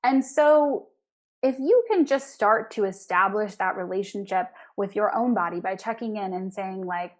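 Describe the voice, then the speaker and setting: A woman dietitian, a guest in a casual interview, who talks with quick bursts of enthusiasm. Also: mid-range voice.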